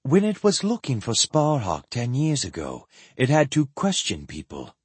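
A calm sorceress, read by a man. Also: medium pitch, moderate pace, husky, no room sound. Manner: calm, explaining.

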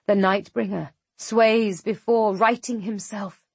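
Slow, measured woman audiobook narrator. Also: medium pitch, fairly even intonation, gravelly, husky, no echo. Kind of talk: first-person audiobook narration.

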